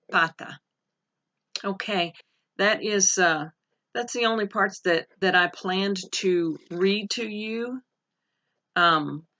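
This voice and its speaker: A woman teaching a recorded online pronunciation lesson, reading word lists slowly and carefully with pauses and fillers. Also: fairly low pitch, a bit bright. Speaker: Spanish teacher. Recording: dull lo-fi recording.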